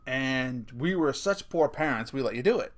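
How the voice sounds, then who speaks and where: A middle-aged male vlogger rants casually through family stories, swearing freely and laughing at his own punchlines. His mid-range voice has lively intonation at a normal speed.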